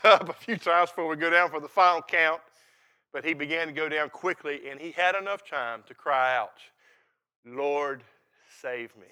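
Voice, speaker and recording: An older man delivers a sermon with a folksy, emphatic manner, moving between hushed reflection and loud bursts. His voice sits a little high, with a bright, forceful edge. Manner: folksy and emphatic, swings from quiet to loud and laughing. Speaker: preacher.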